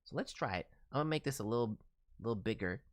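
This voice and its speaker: A woman chatting on a live stream as she voices viewers' characters, gushing with enthusiasm and filling pauses with stammers. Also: very deep voice, expressive.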